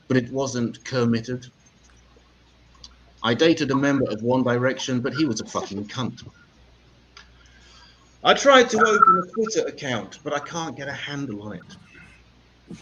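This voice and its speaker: A comedian doing stand-up as MC, delivering crude, sweary deadpan one-liners. His pitch swings up and down a lot as he talks. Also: background noise.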